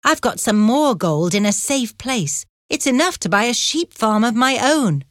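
A woman reading as an earnest young man home after years away, in a slow storybook voice. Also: on the high side, expressive, dry recording, clean studio sound, voice pushed up. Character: young man, freed convict, bold and tender.

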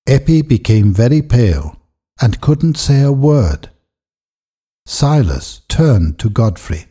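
A man narrates a storybook in a measured, expressive reading. His voice is slow, mellow and slightly husky. The pitch rolls up and down in lively arcs.

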